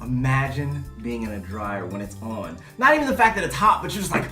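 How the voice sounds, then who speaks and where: A man in casual chat as co-host, posing lively what-if scenarios. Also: medium pitch, a little fast, reverberant, over music.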